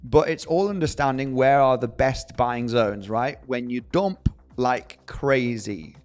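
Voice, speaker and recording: A young man chats through a live trading stream, joking with viewers and often restarting his sentences. His pitch sits in an ordinary middle range. Faint background music plays under his voice. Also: measured pace. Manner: animated, jokey, many restarts. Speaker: livestream host. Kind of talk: casual live-stream chat, reading viewer comments.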